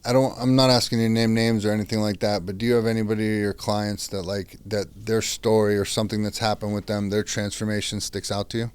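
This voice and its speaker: Brief: male host, smooth voice, even and flat delivery, relaxed interview questions. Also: on the low side, fast, few pauses. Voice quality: easygoing, conversational, with "like" fillers. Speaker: podcast host.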